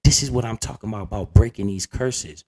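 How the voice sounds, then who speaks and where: A man's voice: on the low side, fast talker, darkish tone, slightly rough. A middle-aged man hosting a casual investing vlog, talking informally and often checking in with "right?". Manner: conversational, repeats "right?" and restarts often; informal colloquial speech. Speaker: finance video host.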